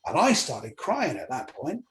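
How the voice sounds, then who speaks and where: A man, a stand-up comedian, telling a personal story as an interview guest, lively and acting out what others said. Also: fairly high pitch, measured pace. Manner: lively retelling, acts out others' lines.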